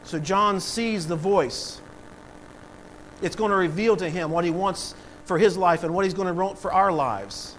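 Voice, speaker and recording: A man's voice: high voice, unhurried, fairly bright tone, a little hiss or hum, rough recording. A man preaching a sermon as pastor, acting out voices and swelling in volume for emphasis.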